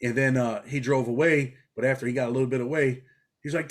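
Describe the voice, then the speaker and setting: This middle-aged man from New York, who once served time, is interviewed casually and tells animated stories. He talks quickly at a medium pitch, with a blunt, street-style manner.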